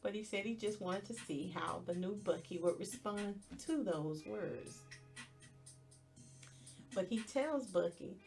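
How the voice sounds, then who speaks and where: A woman hosting a podcast, recapping a TV episode in a chatty, expressive way with playful asides. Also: mid-range voice, slow, creaky, soft background music. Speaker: podcast host.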